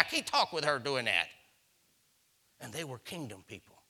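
A man preaching a sermon, telling folksy stories and acting out the people in them, his voice rising to shouts. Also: mid-range voice, very animated, normal speed, pauses often.

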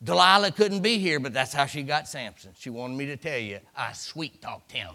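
A man's voice: mid-range voice, moderate pace, bright, forceful tone. A middle-aged man preaching a sermon in a folksy storytelling way, acting out voices and repeating words for effect.

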